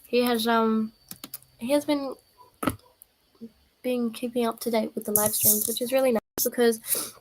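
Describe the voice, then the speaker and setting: A woman's voice: a little high, steady tone, a little slow, long pauses, a little mellow, a little hiss or hum, rough recording. Chatty woman streamer, rambling and playful. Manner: rambling, self-interrupting, playful. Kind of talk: casual live-stream chat.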